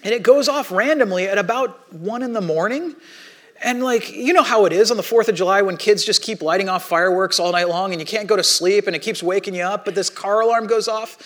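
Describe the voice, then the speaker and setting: A man's voice: sits high, a little fast. A man in his thirties preaching a sermon, telling stories in a chatty way and acting out the voices of the people in them. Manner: animated storytelling, acting out quoted voices; conversational with frequent restarts. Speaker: pastor.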